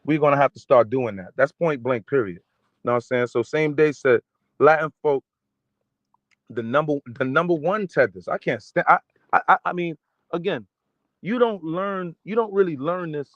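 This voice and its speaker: A man's voice: fairly high pitch, animated, moderate pace, pauses often, no echo, muffled recording. A man in a casual livestream rant, reading viewer comments and hammering each point with repeated "okay?" and "right?". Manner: emphatic, repetitive, keeps asking "okay?".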